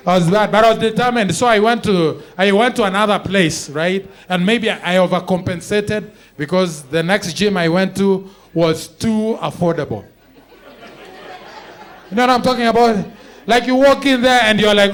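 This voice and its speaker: A young Kenyan man performing a stand-up comedy set, animated, acting out people and mixing in Swahili phrases. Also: sits high, measured pace, pauses often.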